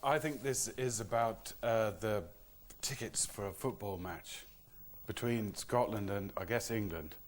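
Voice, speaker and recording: A man's voice: on the low side, measured pace, slight background noise. A man guesting on a comedy panel show, explaining hesitantly with amusement.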